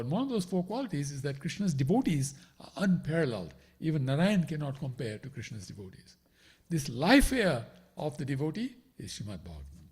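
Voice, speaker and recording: A man's voice: medium pitch, a little mellow, husky. A man giving a devotional scripture class, explaining each verse and checking with listeners by asking "right?". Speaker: spiritual teacher.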